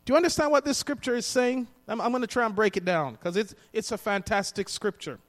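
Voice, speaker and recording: A man's voice: high-pitched, quick pace, fairly bright tone. A man preaching a sermon to a congregation, emphatic and repeating key phrases for them to echo. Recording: long reverb of a hall.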